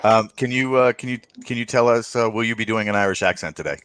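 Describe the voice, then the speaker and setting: A man's voice: lowish voice, quick pace, fairly bright tone, slight background noise. A man acting as game master who introduces players and narrates the scene in a loose, laughing way. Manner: loose, laughing, lots of fillers.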